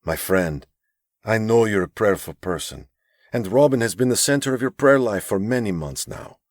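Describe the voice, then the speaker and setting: A male narrator voicing an older bearded mentor, gentle and devout, speaking earnestly in a raised voice. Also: on the low side, expressive, moderate pace, no room sound, studio quality, voice pushed up.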